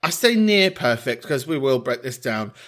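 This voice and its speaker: A podcast host from the United Kingdom, this man chats in a casual, comic way, camp and sweary, often laughing partway through sentences. His mid-range voice is sing-song and a bit bright, at a moderate pace.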